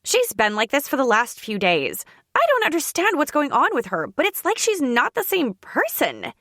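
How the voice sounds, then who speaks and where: A woman's voice: a little high, very animated, normal speed, a bit bright, dry recording, clean studio sound. A woman voicing a bubbly, teasing young woman friend. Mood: chatty. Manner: chatty, teasing.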